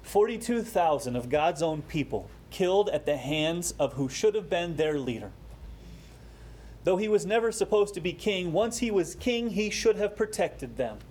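A man preaching a sermon, explaining a scripture passage with rising emphasis and quieter, slower asides. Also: high voice, big pitch swings, slight background noise. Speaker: pastor.

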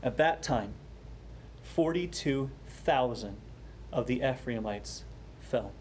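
A man preaching a sermon, explaining a scripture passage with rising emphasis and quieter, slower asides. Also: mid-range voice, lively intonation, slight background noise. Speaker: pastor.

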